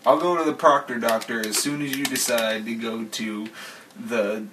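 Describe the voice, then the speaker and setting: A man's voice: mid-range voice, fairly even intonation, moderate pace. Giggly teasing guy, far from the mic. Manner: giggly, teasing, often laughing. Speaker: podcast co-host. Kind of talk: casual joking chat. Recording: distant mic with clear noise.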